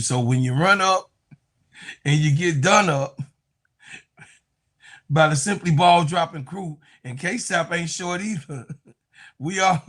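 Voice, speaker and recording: A young man with a Chicago accent hosting a casual sports talk stream, trash-talking and laughing often. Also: a little high. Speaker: sports commentary host.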